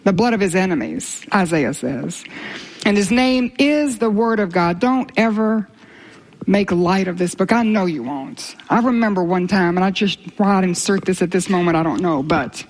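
An older woman preaching a sermon in an earnest, impassioned way, dropping to breathy whispers for emphasis. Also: mid-range voice, expressive, normal speed.

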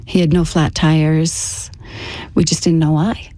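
A woman telling a personal story to an interviewer in a casual, halting way, with frequent restarts. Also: sits low, level tone, dark tone, no echo. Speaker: interview guest.

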